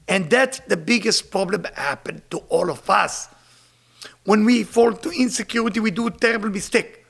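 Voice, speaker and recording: Emphatic teacher, man, gravelly. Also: high voice, moderate pace, a bit bright. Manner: emphatic, repeats rhetorical questions. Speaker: Kabbalah teacher. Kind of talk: spiritual lecture reading and translating Hebrew text.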